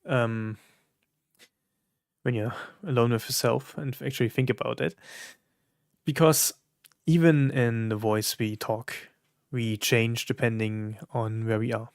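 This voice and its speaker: A man streaming, reacting to songs in casual, reflective talk with many pauses and fillers. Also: medium pitch, steady tone, clean tone, no echo, studio quality. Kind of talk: casual live-stream commentary.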